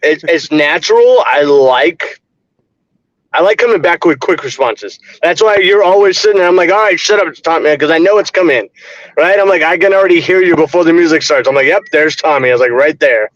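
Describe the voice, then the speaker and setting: Casting: man, a bit high-pitched, chatty storyteller who laughs and plays out quotes, muffled lo-fi recording. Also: fairly quick, fairly bright tone, no echo. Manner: laughing, acts out quotes in anecdotes. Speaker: guest, pro wrestler. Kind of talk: casual interview storytelling. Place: wrestling school gym.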